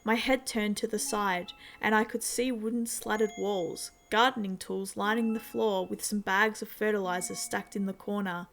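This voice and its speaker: A woman narrating a horror story in a measured, steady storytelling manner. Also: medium pitch, gravelly, soft background music.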